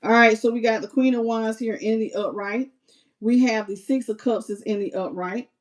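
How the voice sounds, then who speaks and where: A woman reading tarot on a live stream, chatty and expressive, talking straight to her viewers. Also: on the high side, normal speed. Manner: chatty and expressive, talks to viewers as "y'all" and "baby". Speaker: tarot reader.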